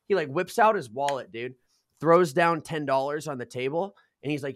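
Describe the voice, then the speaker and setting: Young male podcast host, animated profane storyteller, higher-pitched, dry close-miked. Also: normal speed, no room sound. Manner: animated, profane, gets loud at punchlines. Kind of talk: casual storytelling chat.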